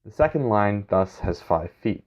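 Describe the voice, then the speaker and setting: A man giving a scripted educational narration in a measured, explanatory way. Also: on the low side, animated, a little mellow. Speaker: instructor. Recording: dull, lo-fi recording.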